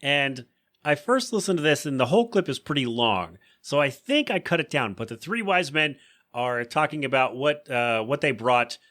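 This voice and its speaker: A man's voice: mid-range voice, lively intonation, normal speed, a bit bright. A man hosting a podcast, chatting casually through an episode recap and breaking into funny voices for quoted lines. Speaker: podcast host.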